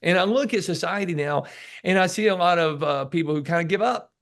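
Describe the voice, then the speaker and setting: A man's voice: high voice, fairly quick. A man talking as a guest in a casual interview, telling emphatic stories and acting out what people say to him. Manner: animated storyteller who acts out what people say; emphatic and preachy, repeats key words. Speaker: podcast guest, sales author.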